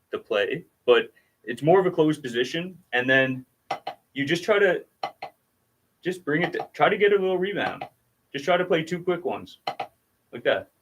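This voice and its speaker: A man's voice: mid-range voice, a bit bright, a little hiss or hum. A man giving a casual drum lesson on a livestream, patiently explaining technique and counting out strokes as he demonstrates. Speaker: drum teacher.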